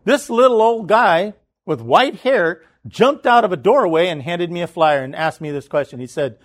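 A man preaching, telling a story in an animated way, often restarting and repeating words. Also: sits high, normal speed. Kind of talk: sermon storytelling.

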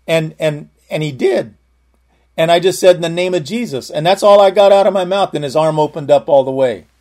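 A man's voice: on the high side, normal speed, warm tone. A man preacher telling a personal testimony in a sermon, earnest and full of restarts. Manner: earnest storytelling, frequent restarts.

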